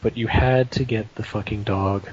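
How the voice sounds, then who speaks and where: A man's voice: fairly low pitch, fairly even intonation, normal speed, crowd noise. A man playing in a tabletop game, grumbling and sarcastic. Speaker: player. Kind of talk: casual tabletop game chat. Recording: dull lo-fi home recording with noise.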